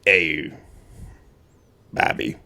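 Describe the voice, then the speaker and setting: A man doing a gruff mobster-style boss. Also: drawn-out words, bright, forceful tone, exaggerated voice. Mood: swaggering. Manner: tough-guy swagger.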